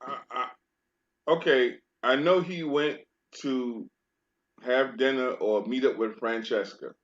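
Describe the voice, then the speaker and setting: A man's voice: mid-range voice, slow pace, a bit bright. A man co-hosting a casual chat about a TV show, talking in an incredulous, emphatic way. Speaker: podcast co-host. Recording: dull lo-fi recording.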